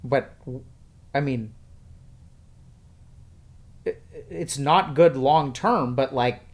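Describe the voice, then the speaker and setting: A man, a psychiatrist, speaking in a measured way and asking probing questions in a counseling-style talk. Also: mid-range voice. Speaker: psychiatrist guest. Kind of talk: counseling conversation.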